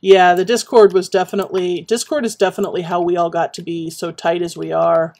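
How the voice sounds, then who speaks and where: A woman's voice: on the low side, flat delivery, fairly quick, a little mellow. Lady rambling n reminiscing while she builds in minecraft, lots of ums. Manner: rambling, friendly, reminiscing, many "um"s. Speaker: Minecraft streamer. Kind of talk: casual chat while building in a game.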